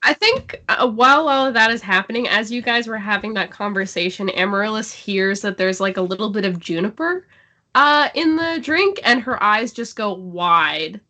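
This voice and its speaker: Bright-voiced woman at the game table. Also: mid-range voice, moderate pace. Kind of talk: casual game chat.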